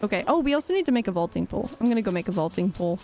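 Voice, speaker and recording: A woman's voice: medium pitch, lively intonation, very fast, a little mellow. A young woman chatting casually on a live game stream, rambling and laughing often with dramatic sighs. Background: faint game music.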